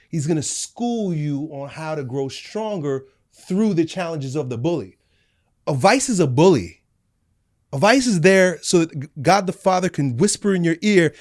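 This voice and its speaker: A middle-aged man, a guest on a studio podcast, telling animated stories and acting out the people in them. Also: on the high side, moderate pace. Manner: animated storytelling, acts out voices in anecdotes. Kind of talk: casual studio conversation.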